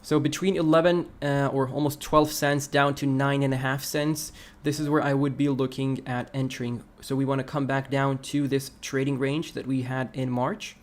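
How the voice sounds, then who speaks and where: A man hosts a relaxed crypto livestream, talking through price charts and reading viewer comments out loud. His voice is medium-pitched, at normal speed, with hardly any pauses.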